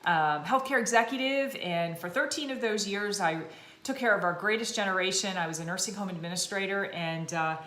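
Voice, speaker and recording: Woman, 40s, fitness vlogger; chatty, self-mocking, slightly hoarse; echoey room. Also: medium pitch, a little fast, bright, forceful tone. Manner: chatty, self-deprecating, laughs often. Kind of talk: casual chat to camera.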